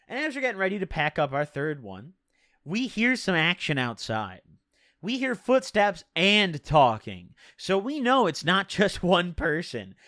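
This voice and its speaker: A young man spins a casual story with plenty of slang and swearing. His voice sits fairly high for a man and leaps around in pitch. The sound is close and dry. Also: pushed and bright, dry recording. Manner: slangy, profane, chatty. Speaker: vlogger telling a personal story.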